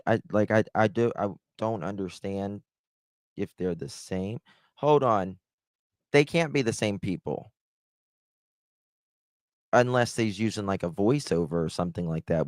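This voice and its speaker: A man hosting a casual live stream, rambling and hesitant, warmly thanking chat. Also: fairly low pitch, dry recording. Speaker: livestream host.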